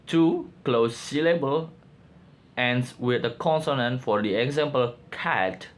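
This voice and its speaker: A man presenting a class project, reading out his slides haltingly with frequent pauses and fillers. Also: medium pitch. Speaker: student presenter.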